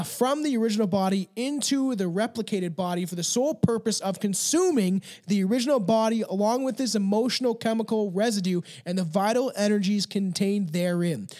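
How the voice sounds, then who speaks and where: A man with a notably high voice hosts a casual podcast. He reads long passages aloud, trips over the harder words, then drops back into loose, profane chat with his co-host. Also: darkish tone.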